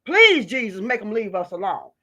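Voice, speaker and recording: A woman's voice: high voice, expressive, normal speed, fairly bright tone. A woman from the United States, a vlogger delivering an impassioned political rant in a fiery, preachy, emphatic way.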